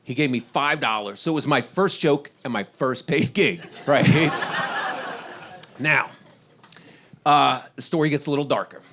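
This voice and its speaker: A middle-aged stand-up comedian from Washington, D.C., rambles through stories and laughs at his own lines. He has a mid-range voice and a measured pace with long pauses, and the background is noisy.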